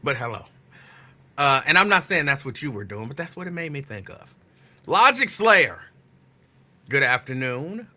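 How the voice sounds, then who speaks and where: A man hosting a casual live talk show, greeting listeners by name and teasing them playfully with loud, emphatic bursts. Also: on the high side, very animated, normal speed, pauses often. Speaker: radio host. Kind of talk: casual live-show chat reading listener shout-outs.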